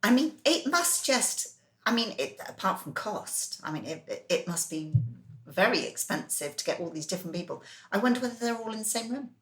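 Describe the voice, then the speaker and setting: A woman's voice: mid-range voice, big pitch swings, a little fast, reverberant. A woman co-hosting a casual chat, asking questions with curious, encouraging interest. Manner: inquisitive, encouraging listener, laughs along. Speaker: podcast co-host.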